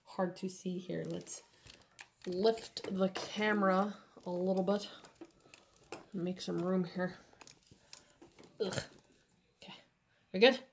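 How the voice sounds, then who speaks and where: A woman's voice: on the low side, level tone, slight background noise. A woman doing nails in her home studio, talking through each step in a casual, chatty way with lots of fillers. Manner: slow, chatty, with many fillers. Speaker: nail artist. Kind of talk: casual tutorial chat.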